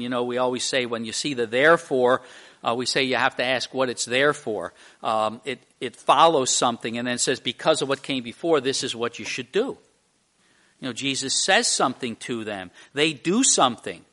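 A man's voice: mid-range voice, pushed and bright. A man preaching a sermon, conversational, with frequent restarts and repeated words. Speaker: pastor.

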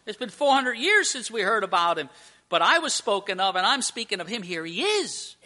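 A man's voice: sits high, sing-song, a little fast, sharp tone, big-room sound, pitched above the performer's own voice, full character voice. A male preacher voicing Jesus as an eager man calling everyone to look at him, in a sermon.

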